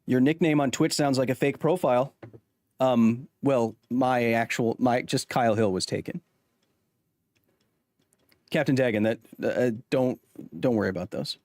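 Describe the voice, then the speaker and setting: A man chatting casually on a live stream, rambling and cutting himself off, quick to laugh. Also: medium pitch, a little mellow, dry recording.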